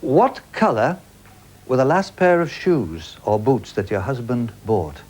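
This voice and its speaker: A man's voice: mid-range voice, very animated, a little slow, darkish tone. A man hosting a studio game show with a jokey, teasing patter and a studio audience.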